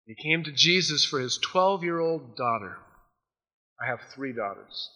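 A man preaching a sermon, retelling Bible stories in a casual, animated way and acting out the characters' lines. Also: mid-range voice, unhurried. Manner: storytelling, acts out the voices of Bible figures. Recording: long hall reverb.

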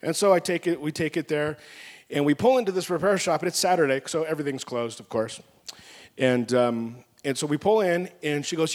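A man preaching a sermon, telling stories in an animated way and acting out his own angry outbursts. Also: fairly high pitch, brisk, in a large hall. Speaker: pastor.

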